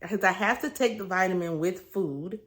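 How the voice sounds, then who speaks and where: A woman with a slightly low voice talks straight to her viewers in a relaxed, candid vlog update. She is earnest and chatty and often stops to rephrase mid-sentence. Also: moderate pace. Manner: chatty, earnest, with frequent fillers and self-corrections. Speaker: vlogger sharing a weight-loss surgery journey. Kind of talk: candid casual update to camera.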